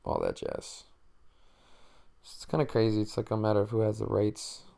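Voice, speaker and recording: A man's voice: on the low side, huge pitch swings, moderate pace, creaky, mellow. A man hosting a podcast, chatting casually and rambling with lots of fillers and jokes. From Mexican-American. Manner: rambling, filler-heavy, joking. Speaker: podcast host. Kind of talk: casual solo chat.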